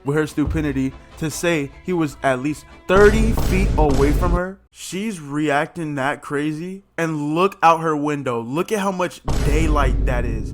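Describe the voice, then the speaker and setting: Blunt, mocking male reaction commentator. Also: fairly high pitch. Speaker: reaction video host.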